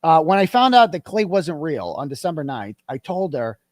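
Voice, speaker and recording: Guest: animated male storyteller with a slightly high, lively voice who acts out quoted dialogue, recorded dry and close. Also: moderate pace, no room sound. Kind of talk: casual interview storytelling.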